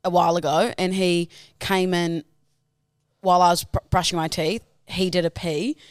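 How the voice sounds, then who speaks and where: A woman's voice: fairly low pitch, steady tone, normal speed, no room sound, studio quality. A young adult woman, co-hosting a casual podcast, teasing and laughing often. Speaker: podcast co-host. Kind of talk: casual chat.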